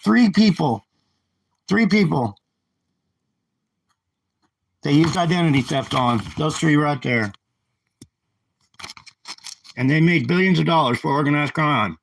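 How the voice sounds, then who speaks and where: A man's voice: fairly high pitch, moderate pace, creaky, long pauses, a bit bright, poor audio. A man ranting angrily on a livestream, agitated and repetitive, talking into a handheld phone. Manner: agitated, ranting, repeats himself. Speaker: live streamer. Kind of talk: angry livestream rant.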